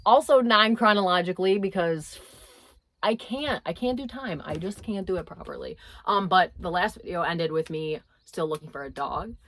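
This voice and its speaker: A woman's voice: fairly low pitch, lively intonation, moderate pace, fairly bright tone, slight background noise. A young woman vlogging in a rambling, self-deprecating, chatty way. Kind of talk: casual chatty vlog narration.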